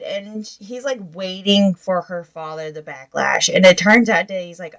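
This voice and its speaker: A woman's voice: on the low side, measured pace, few pauses, rough recording. A woman hosting a casual book review podcast, retelling the plot in a rambling way with many fillers.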